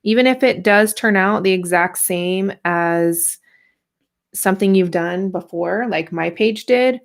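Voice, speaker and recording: A woman's voice: medium pitch, unhurried, vocal fry. A woman in her thirties hosting a casual art journaling livestream, chatty and playful, greeting viewers as she works. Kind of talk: casual livestream craft demo.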